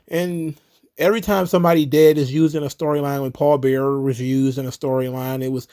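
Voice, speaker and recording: A man's voice: mid-range voice, steady tone, fairly quick, mellow. A man hosting a wrestling commentary show, ranting casually with sarcasm and exasperation.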